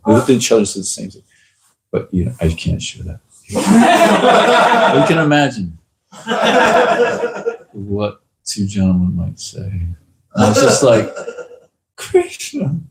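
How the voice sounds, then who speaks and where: A man giving a casual talk at a temple, telling lively anecdotes and acting out the people in them. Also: on the low side, measured pace, pauses often, rough recording. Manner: lively anecdotal storyteller, acts out quotes. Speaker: temple speaker.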